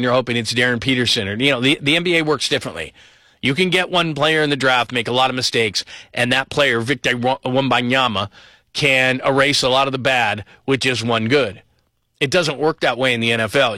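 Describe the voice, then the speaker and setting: A man giving an enthusiastic solo sports commentary, rattling off players and stats with animated emphasis. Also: no room sound, studio quality. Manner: fast, enthusiastic rundown of names and stats; animated, pitch rises on key points.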